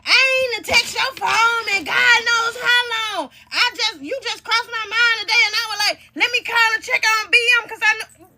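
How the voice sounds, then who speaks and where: A woman's voice: very high voice, normal speed, sharp tone, a little hiss or hum, voice pushed up, exaggerated voice. A woman voicing her child's father, who plays dumb and brushes off the accusation. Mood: evasive. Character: evasive ex-boyfriend, playing dumb.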